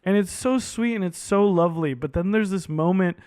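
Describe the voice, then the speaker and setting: A man co-hosting a movie podcast, talking casually and excitedly, peppering his speech with "like" and the odd swear. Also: sits high, fairly quick, clean tone, no echo, studio quality. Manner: animated, heavy use of "like", swears casually. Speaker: podcast co-host.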